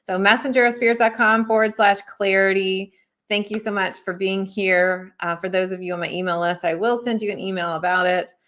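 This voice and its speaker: A woman talking viewers through an oracle card reading in a relaxed, conversational way. Her delivery is friendly and reassuring, loose and chatty, with plenty of "you know" and "like." She sounds like a spiritual teacher speaking straight to her audience. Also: medium pitch, brisk.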